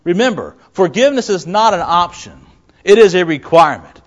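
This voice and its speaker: A man's voice: high-pitched, expressive, brisk, dull audio. A man preaching a sermon as a pastor, who often asks his listeners rhetorical questions and acts out the people he quotes.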